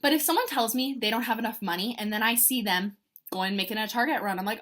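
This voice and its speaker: A woman gives her sales team an energetic motivational pep talk, speaking emphatically, fast and at a fairly high pitch, swinging between loud bursts and hushed asides.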